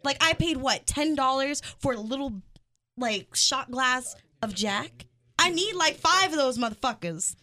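A woman's voice: sits high, expressive, measured pace, bright, forceful tone. A woman hosting a radio chat show, brash and profane. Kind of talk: casual chat.

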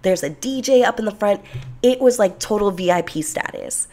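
A young woman telling a personal story in a blunt, profane, sarcastic and animated way. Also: medium pitch, normal speed. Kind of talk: casual storytelling.

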